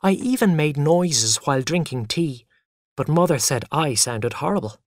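A man reading a storybook aloud in an expressive, animated way, his pitch moving widely through each line. The sound is close and dry, with no room around it. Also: moderate pace, no echo. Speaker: narrator. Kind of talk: scripted story narration.

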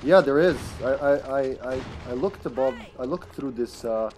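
A man streaming a video game live, chatting casually and playfully, breaking into excited shouts. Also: medium pitch, moderate pace, a little hiss or hum. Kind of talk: live gameplay commentary.

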